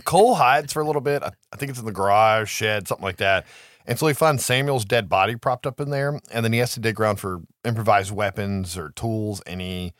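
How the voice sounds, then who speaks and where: A man co-hosting a podcast, retelling a movie plot in a casual, animated way with frequent laughs. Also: fairly low pitch, a little fast, no echo, studio quality. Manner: animated storytelling, laughs often, profanity. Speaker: podcast co-host.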